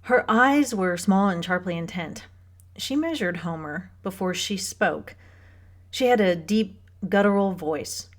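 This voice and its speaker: Narrating a novel aloud for an audiobook, a woman with a lowish voice reads a script in an even, measured storytelling manner.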